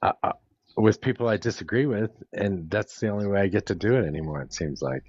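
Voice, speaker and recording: Deep voiced guy hosting a chat, blunt, a bit muffled and lo-fi. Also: fast talker, background noise. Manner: blunt, animated, swears casually. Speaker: host of a live audio panel. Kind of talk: casual group chat. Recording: dull lo-fi audio.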